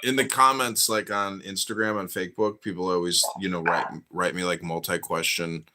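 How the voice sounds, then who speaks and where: A man hosting a casual podcast chat, talking in a measured, reflective way. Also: low-pitched, fairly even intonation, background noise. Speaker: podcast host.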